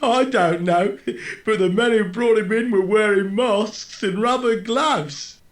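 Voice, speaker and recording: A man's voice: sits high, slow pace. An actor playing an eccentric hospital patient who giggles constantly and drawls his odd remarks. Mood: giggly. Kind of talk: video game voice acting. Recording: roomy echo with light game music.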